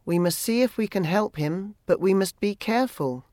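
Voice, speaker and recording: A frightened yet brave mother, voiced by an audiobook reader who speaks in quick, urgent pleas. The voice sits in a middle pitch and sounds close and dry. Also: darkish tone, no room sound, natural voice. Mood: anxious. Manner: urgent, anxious. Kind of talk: audiobook character reading.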